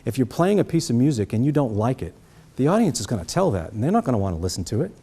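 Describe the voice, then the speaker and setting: A man's voice: mid-range voice, big pitch swings, fast talker, warm tone, slightly rough. A middle-aged man with a Boston accent giving a trumpet master class, answering students' questions and checking in with "okay?".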